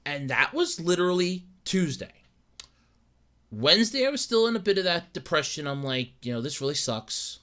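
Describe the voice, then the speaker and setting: A man's voice: high-pitched, sing-song, a little fast, bright, forceful tone. A young man hosting a casual solo podcast, rambling and stumbling over words while sounding upset and dejected. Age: young adult. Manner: rambling, repeats words, acts out his own thoughts. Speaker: podcast host.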